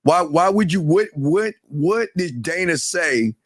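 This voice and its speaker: A man's voice: a little high, animated, slow, dry recording, clean studio sound. A man hosting a live call-in show, quizzing callers and cutting them off when they ramble. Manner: bossy, impatient with callers.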